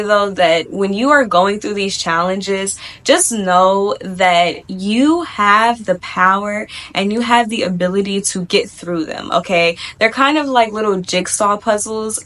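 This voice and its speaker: A woman's voice: mid-range voice, a bit bright. A woman giving casual spiritual advice straight to her viewers. She is chatty and often ends her points with "right?" or "okay?". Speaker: spiritual YouTuber. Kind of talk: casual motivational talk to camera.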